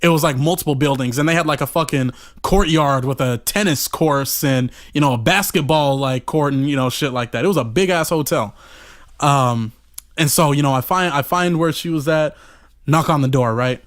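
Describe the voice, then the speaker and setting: A man's voice: fairly high pitch, moderate pace. A man telling a rambling, profane story on a podcast in a casual way, full of "you know" fillers.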